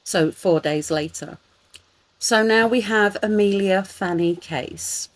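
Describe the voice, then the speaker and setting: A woman with a London accent, co-hosting a podcast, earnest and relaxed as she talks through case details. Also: mid-range voice, takes it slowly, no echo, low-quality recording. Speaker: podcast co-host. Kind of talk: casual chat.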